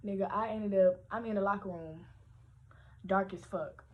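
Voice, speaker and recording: A young woman telling a story from her teens on a casual livestream, animated, slangy and full of profanity. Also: medium pitch, normal speed, phone-quality sound, slight background noise.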